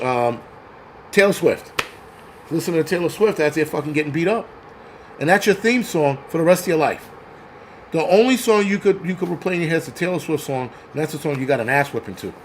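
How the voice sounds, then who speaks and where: A high-pitched man rants on his live stream, cursing freely and tripping over repeated words as he presses his points. A faint hum of noise sits under his voice. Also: animated, brisk. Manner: profane, heated ranting with stammered restarts. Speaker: channel host.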